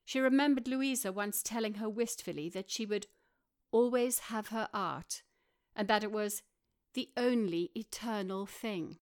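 A woman narrating an audiobook in an even, measured way. Her voice sits at a middle pitch, and she reads steadily through the story. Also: smooth.

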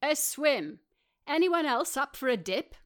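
A man's voice: very high voice, big pitch swings, a little slow, pushed and bright, heavily acted. A woman voicing a carefree, impulsive middle-aged Englishman who talks in a boisterous, hearty way.

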